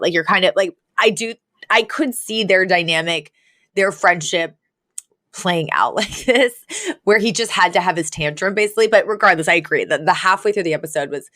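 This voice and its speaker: A woman's voice: fairly low pitch, normal speed, bright, forceful tone, no echo, clean studio sound. A woman co-hosting a podcast, chatting casually about a sitcom episode, with many "like" fillers and frequent laughter. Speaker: podcast co-host. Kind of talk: casual chat recapping a sitcom.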